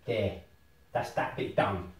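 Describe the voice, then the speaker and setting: A man, vlogging casually as he sets up VR at home and talks to himself excitedly. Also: on the low side, slow pace, far from the mic. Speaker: tech vlogger. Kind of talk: casual vlog commentary while setting up VR. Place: house with rooms on two floors. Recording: roomy home room, voice often off-mic.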